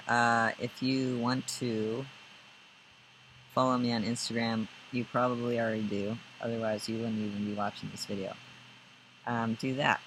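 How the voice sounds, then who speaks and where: A young man talking casually to camera about calming down, rambling and laughing often as he gives spiritual self-help tips. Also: medium pitch, creaky, slight background noise, poor audio. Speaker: spiritual guidance and astrology vlogger.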